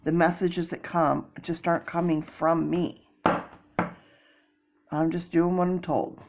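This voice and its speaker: A middle-aged woman with a fairly low voice talks through a tarot reading. She rambles in a loose, chatty way, full of ums and restarts. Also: little pitch movement, slow, noisy background. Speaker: tarot reader.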